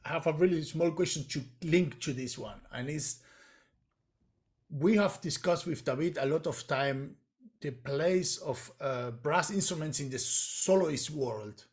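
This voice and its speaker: A male host whose native language is Spanish, asking interview questions in a halting way, searching for words. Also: on the high side. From Argentina.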